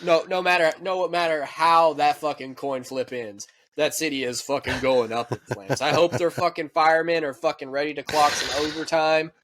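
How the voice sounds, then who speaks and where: Profane ranting American man, higher voice. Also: normal speed, hardly any pauses, a little hiss or hum. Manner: profane, animated ranting with mock quoted voices. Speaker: podcast co-host. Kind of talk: casual chat.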